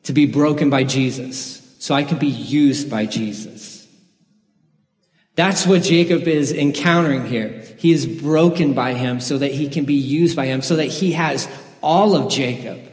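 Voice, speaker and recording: A man's voice: medium pitch, unhurried, darkish tone. A man preaching a sermon in an earnest, conversational way, sharing his own story with the congregation. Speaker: pastor. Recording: echoey hall with long reverb.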